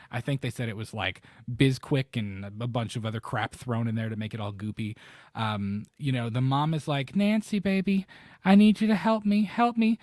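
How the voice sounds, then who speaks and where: Male co-host in casual movie talk; lively storyteller who jumps into character voices, medium pitch, dry recording. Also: no room sound. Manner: animated, acts out quoted lines with sudden high or low voices. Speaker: podcast co-host. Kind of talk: casual chat about a film.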